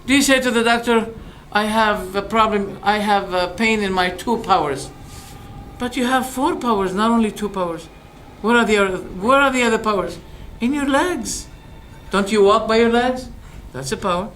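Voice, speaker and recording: High-voiced man preaching with animated questions. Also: moderate pace, slight background noise. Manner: animated and rhetorical, firing questions and acting out exchanges. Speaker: Islamic preacher. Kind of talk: religious lecture.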